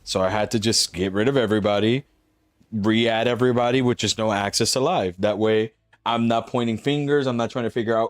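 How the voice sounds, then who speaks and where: A relaxed man talks through his live game stream. He jokes around and curses casually, in a flat, somewhat bothered-sounding tone. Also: mid-range voice, brisk, dry recording, studio quality. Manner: laid-back, joking, swears freely. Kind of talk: casual live-stream chat while gaming.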